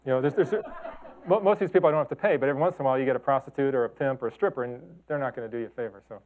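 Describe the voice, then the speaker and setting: A middle-aged man with a mid-range voice races through a casual talk about his photographs, rambling with lots of fillers and restarts. He's a photographer from Chicago and Detroit, and the sound is tinny and phone-like.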